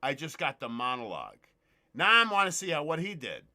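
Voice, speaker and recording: A man hosting a casual livestream, excitable and profane, greeting viewers in the chat by name. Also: fairly high pitch, a little fast. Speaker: livestream host.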